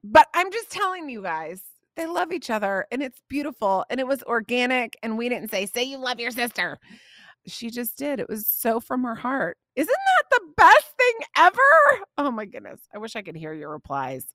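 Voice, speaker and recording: A woman tells a family story to her podcast listeners, gushing and laughing often. Her voice is bright and a bit high, and it swings widely in pitch. The sound is dry and close. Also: sing-song, moderate pace, no room sound. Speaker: podcast host.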